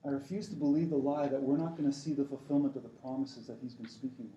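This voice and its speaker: A man's voice: medium pitch, fairly even intonation, fast, warm tone, reverberant, muffled recording, a little hiss or hum. A middle-aged man preaching, urging his listeners on and often restarting his sentences as he rambles through a dream story. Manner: rambling, many restarts, exhortative. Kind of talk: sermon.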